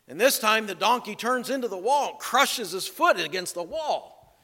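Telling a scripture story in a folksy manner full of little jokes and asides, a male pastor delivers his sermon at a moderate pace. His high-for-a-man voice has lively intonation and a sharp tone, and every phrase is followed by a long church-hall reverb.

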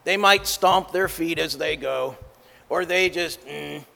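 Male preacher, sermon, slow and deliberate with stressed key words. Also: on the high side, creaky, pushed and bright, long reverb tail. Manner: measured, emphatic delivery.

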